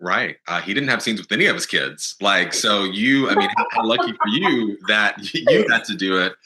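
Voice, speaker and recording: A man's voice: fairly low pitch, normal speed, pushed and bright. A man hosting a podcast, interviewing in a chatty, conversational way. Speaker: podcast host.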